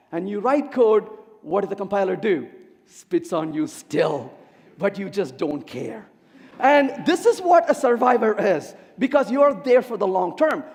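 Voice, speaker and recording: A man giving a humorous conference talk on code, theatrical and animated, asking the audience questions. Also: sits high, creaky. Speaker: conference speaker. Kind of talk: humorous technical keynote. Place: large conference hall. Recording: long hall reverb.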